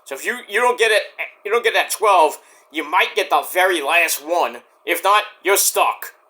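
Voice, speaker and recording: Man in a casual rant vlog, rambling and profane, bright higher voice. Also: lively intonation, moderate pace. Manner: rambling, profane, many restarts. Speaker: vlogger.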